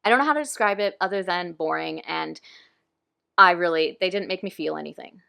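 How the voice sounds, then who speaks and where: A woman's voice: fairly low pitch, brisk, vocal fry, sharp tone, clean tone. A young woman reviewing books in casual, ranting chat, full of "like" and fillers. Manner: chatty, frequent "like", ranting. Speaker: book reviewer.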